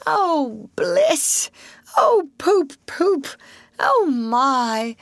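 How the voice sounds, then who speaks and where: A woman reading aloud while voicing Toad, a conceited male toad who talks in a dreamy, breathless swoon, high and slow. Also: big pitch swings, dry recording. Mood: rapturous. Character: rapturous conceited male Toad, motor-car mad. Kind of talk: storybook reading.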